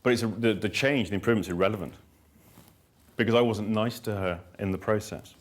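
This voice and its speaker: A man's voice: fairly low pitch, a little fast. A man, a therapist and trainer, giving a live workshop talk in an emphatic, blunt way, repeating key lines and telling stories with dry self-mockery.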